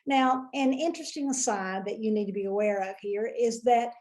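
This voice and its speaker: A woman with a Southern accent spins a folksy anecdote with lively emphasis. Her voice sits a bit high for a woman. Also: normal speed. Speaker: motivational storyteller. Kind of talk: folksy storytelling monologue.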